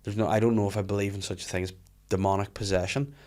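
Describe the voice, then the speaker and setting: A man with a lowish voice hosts a casual podcast. He tells his stories with animated energy, peppering them with swearing. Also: fast talker. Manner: animated storytelling, frequent swearing. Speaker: podcast host.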